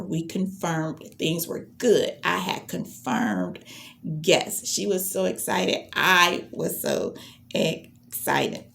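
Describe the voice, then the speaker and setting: A woman leads a business launch training, her voice low and heavily gravelly. She talks with lively swings in pitch and acts out sample greetings along the way. A faint hiss sits under the recording.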